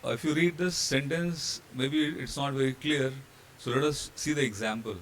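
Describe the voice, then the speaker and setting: A man's voice: mid-range voice, normal speed, fairly bright tone, slight background noise. Indian man walking through slides. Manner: explanatory, with fillers and restarts, spelling out letters. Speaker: hotel training instructor. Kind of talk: slide-based pronunciation lesson.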